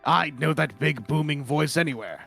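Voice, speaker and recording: A man voicing a jolly elderly judge in a video game, with a folksy, booming delivery. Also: normal speed, creaky. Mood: jovial. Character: jolly elderly male judge, chipper and fond. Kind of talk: voicing game dialogue on a stream. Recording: music playing behind.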